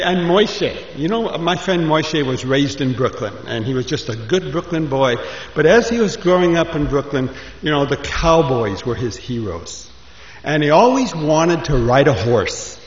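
A man speaking as guest preacher, telling a joke as an animated storyteller who jumps to high voices for his characters. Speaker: guest speaker, ministry chaplain. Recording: echoey hall, dull lo-fi sound.

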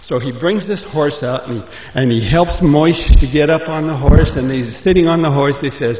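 A man speaking as guest preacher, telling a joke as an animated storyteller who jumps to high voices for his characters. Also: normal speed, hardly any pauses, slight background noise. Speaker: guest speaker, ministry chaplain. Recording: echoey hall, dull lo-fi sound.

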